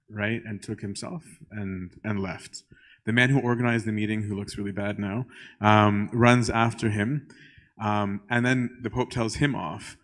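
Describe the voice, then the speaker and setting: Low-voiced priest telling a story. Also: male voice, steady tone, unhurried. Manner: conversational, keeps checking in with "right?"; frequent filler "um". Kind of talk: storytelling church talk.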